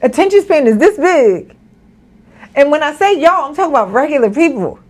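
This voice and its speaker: A woman co-hosting a casual commentary chat, animated and laughing, with mock-outraged asides. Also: high voice, brisk. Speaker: podcast co-host.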